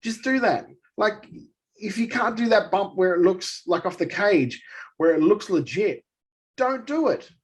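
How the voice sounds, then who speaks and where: A man co-hosting a wrestling podcast, ranting in an animated, exasperated way during casual chat. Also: high voice, measured pace. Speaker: podcast co-host.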